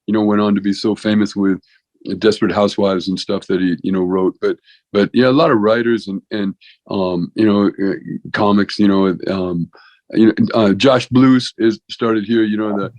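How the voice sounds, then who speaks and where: A man's voice: on the low side, fairly even intonation, normal speed, darkish tone, dry recording, rough recording. A man in his sixties, a veterinarian and comedian, telling rambling stories as a podcast guest, with lots of restarts and "you know". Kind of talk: rambling conversational storytelling.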